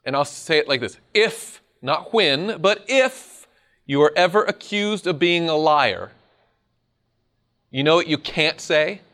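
A man preaching a sermon in an animated, conversational way, often laughing at his own points. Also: on the high side, slow.

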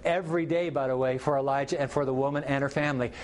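A middle-aged pastor preaching a sermon, telling the story with animated delivery and acting out characters' lines. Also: male voice, medium pitch, quick pace, hardly any pauses, slight background noise.

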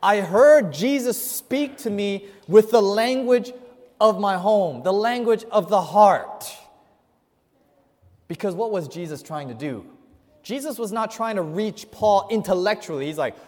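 A male pastor preaching a sermon, asking his congregation questions and swinging between loud emphasis and hushed, quiet passages. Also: high-pitched, expressive, unhurried. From Chinese family. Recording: hall reverb.

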